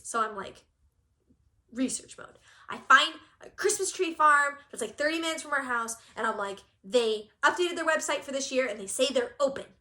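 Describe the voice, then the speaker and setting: In an echoey room, a woman co-hosting a cross-stitch channel shares a story in relaxed conversation, laughing and acting out quotes. She's from Southern California, and her voice sits high with a sharp tone.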